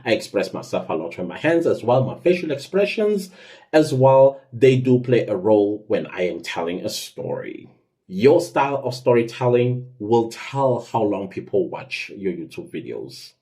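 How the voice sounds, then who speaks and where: Guy with a mellow voice chatting through creator tips, lots of um and uh, punches key words. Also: lowish voice, moderate pace. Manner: conversational, lively emphasis, self-corrections and fillers. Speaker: podcast host giving tips. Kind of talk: casual instructional talk.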